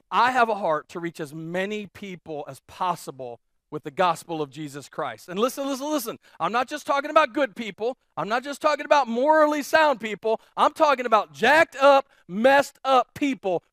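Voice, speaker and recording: A man preaching a sermon as pastor, telling stories in a lively way and repeating phrases for emphasis. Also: very high-pitched, moderate pace, dry recording, clean studio sound. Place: church.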